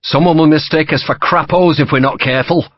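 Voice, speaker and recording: A man's voice: on the high side, steady tone, a little fast, no echo, lo-fi sound, voice pushed up, close to an everyday voice. A man doing a terse English rifle officer. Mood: warning.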